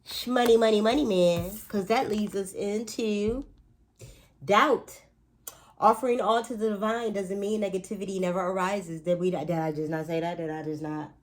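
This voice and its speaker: A woman's voice: medium pitch, steady tone, normal speed. A woman talking casually to viewers in a spiritual pep talk, chatty and emphatic, with playful asides and speech. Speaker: astrology and spiritual reader.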